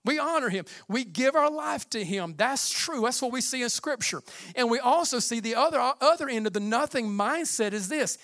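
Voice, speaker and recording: A man preaching a sermon as pastor, passionate and building to shouted climaxes, with casual asides. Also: very high-pitched, expressive, moderate pace, no echo, clean studio sound.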